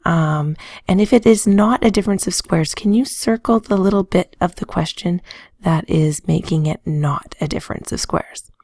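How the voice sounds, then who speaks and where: A woman math teacher giving a recorded lesson, playful and chatty, often dropping into a soft whisper. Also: fairly low pitch, moderate pace, no echo, clean studio sound. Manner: playful, sings little tunes and jokes.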